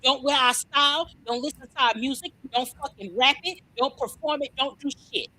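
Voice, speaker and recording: A woman's voice: sits high, brisk, sharp tone. A woman delivering a furious, profane rant packed with repeated rhetorical questions.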